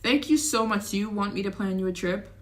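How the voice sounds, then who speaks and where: A woman's voice: medium pitch, a little fast. A woman chatting casually on a livestream as a travel creator, thanking donors and answering questions with rambling asides. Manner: chatty, reads donations aloud, rambling asides; slips into a put-on accent at times.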